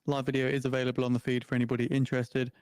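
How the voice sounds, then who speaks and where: A man reading a formal financial news update in a brisk, scripted style. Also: mid-range voice, monotone, a little mellow, smooth, no echo, clean studio sound.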